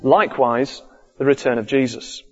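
A man's voice: mid-range voice, moderate pace. A man preaching a sermon earnestly, repeating his key points. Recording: dull lo-fi recording with long hall reverb.

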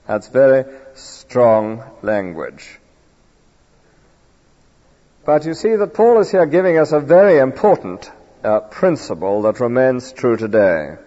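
A man delivers an emphatic sermon with a lively, rising and falling pitch and a mellow, husky tone. His voice rings with long reverb through a church, captured on a dull lo-fi recording. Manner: earnest, emphatic expository preaching. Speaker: preacher.

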